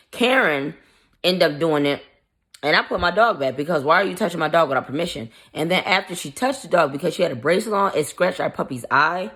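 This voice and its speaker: Blunt, profane woman telling a story. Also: deep voice. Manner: blunt and profane, irritated retelling; animated, acts out the quoted dialogue. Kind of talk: casual storytime chat.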